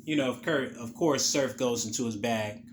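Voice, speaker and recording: A man's voice: mid-range voice, moderate pace, slight background noise. A man hosting a podcast, recapping an event in a loose, casual, profane storytelling way. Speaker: podcast host.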